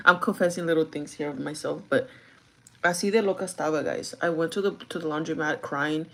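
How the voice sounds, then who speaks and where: A young woman telling a story to her viewers in an animated, chatty way while getting ready. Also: sits low, normal speed, creaky, long pauses. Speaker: vlogger. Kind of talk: get-ready-with-me storytime chat.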